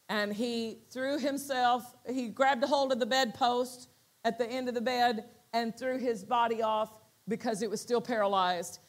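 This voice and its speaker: A woman pastor with a high voice preaches a sermon as a story. She acts out quotes with animated swings and sudden bursts.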